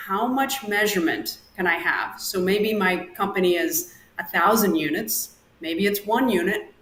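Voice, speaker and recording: A woman performance coach lays out her ideas in a measured, deliberate voice. The recording has a roomy echo with faint background ambience. She speaks at a middle pitch, explaining step by step. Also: a little hiss or hum. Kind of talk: interview answers, coaching advice.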